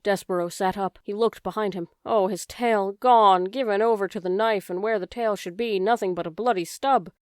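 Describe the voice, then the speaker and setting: A woman narrating a children's audiobook in a gentle way, speaking directly to the reader. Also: medium pitch, normal speed, few pauses, smooth, no room sound, studio quality.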